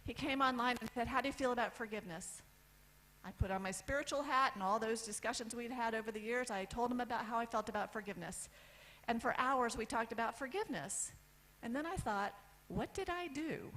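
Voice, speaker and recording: A woman in her fifties from the United States telling a personal story on stage, candid, with lists and pauses for effect. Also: fairly high pitch, a bit bright, poor audio. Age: 50s. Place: event stage.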